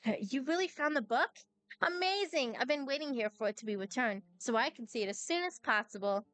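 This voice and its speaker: A woman reading the lines of an excitable young male architect aloud while playing a game, flustered and dramatic. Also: high voice, a little fast, no room sound. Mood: excited.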